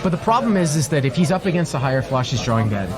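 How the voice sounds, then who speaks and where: Analytical Boston-accented male poker commentator, somewhat high and very animated, crowd loud behind. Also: rapid-fire. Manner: analytical, thinks aloud with restarts.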